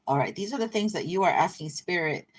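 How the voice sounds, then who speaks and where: A woman reading tarot cards in a casual, rambling way. Her voice sits a bit low. She is irreverent and breaks into laughter often. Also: animated, fast talker. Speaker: tarot reader. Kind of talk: casual spiritual card reading.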